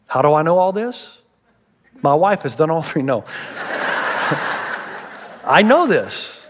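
A man's voice: fairly high pitch, breathy edge. A man preaching a sermon as a pastor, telling stories and acting out the voices of the people he quotes. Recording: reverberant hall.

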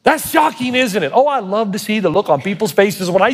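High-voiced preaching man. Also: expressive, a little fast, hardly any pauses, slightly rough. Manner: preaches with rising emphatic intensity; acts out quoted prayers and God's words. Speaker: pastor. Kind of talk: sermon.

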